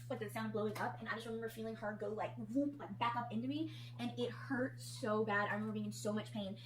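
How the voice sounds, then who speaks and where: Woman, young adult, new mother, anxious rambling retelling, slightly high voice, roomy room. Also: steady tone, fast. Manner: anxious, rambling, close to tears. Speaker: new mother in a family vlog. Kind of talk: emotional birth-story retelling. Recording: roomy recording with loud hum.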